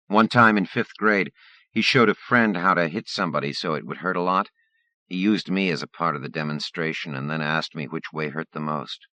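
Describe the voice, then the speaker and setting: A man narrating a first-person short story for an audiobook in a lively, expressive way. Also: rumbling low, normal speed, dry recording.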